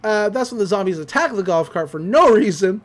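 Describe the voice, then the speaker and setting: Podcast host: animated, laughing storyteller, lively pitch. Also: brisk. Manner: animated storytelling, laughs often, slips into character voices. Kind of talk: casual episode recap.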